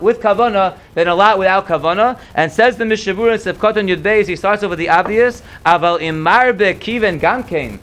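Guy with a high voice teaching a text class, reads slow then explains. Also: a bit bright. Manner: reads Hebrew passages slowly, then explains in English; thinks aloud with repeated words when unsure. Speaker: Torah teacher.

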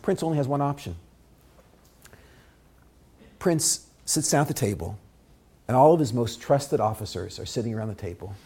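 A man teaching a Torah lesson through a dramatic story, swinging between loud bursts and hushed asides. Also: mid-range voice, expressive, normal speed, long pauses, breathy edge.

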